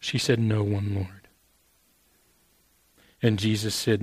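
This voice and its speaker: A man preaching a sermon in a casual, earnest way, dropping "man" into his sentences and moving from hushed stretches to raised, emphatic ones. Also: fairly low pitch, level tone, takes it slowly, no room sound. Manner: conversational and earnest, with repeated "man"; swings from quiet intimate passages to raised emphatic ones. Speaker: pastor.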